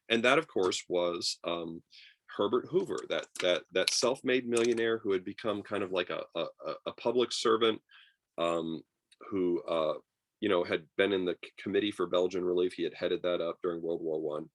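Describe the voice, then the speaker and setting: A man teaching a history class over a video call, lively and chatty, acting out quotes with many fillers. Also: low voice, normal speed, no echo. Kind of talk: online class lecture.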